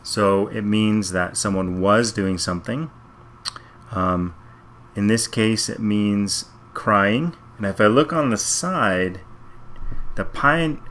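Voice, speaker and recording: A man's voice: fairly low pitch, a bit bright, a little hiss or hum. A man teaching Latin, working through a reading passage sentence by sentence and thinking aloud in a methodical way. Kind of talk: slow step-by-step translation walkthrough.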